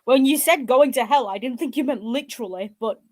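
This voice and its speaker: A woman, co-hosting a casual podcast chat in a blunt, animated, sweary way. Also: high-pitched, fairly quick. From northern England. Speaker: podcast co-host.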